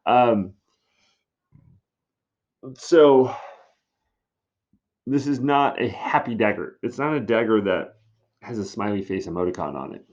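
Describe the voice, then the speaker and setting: Chatty sarcastic guy teacher explaining a play, low-ish voice, muffled recording. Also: animated, slow pace, long pauses, a little mellow. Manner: casual and wry, with many asides. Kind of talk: recorded literature lesson.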